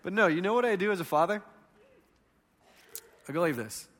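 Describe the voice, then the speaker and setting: Brief: bright, forceful male preacher, high voice, sermon storytelling that drops to a hush, long hall reverb. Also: fairly quick. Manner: conversational storytelling, swinging between loud and hushed.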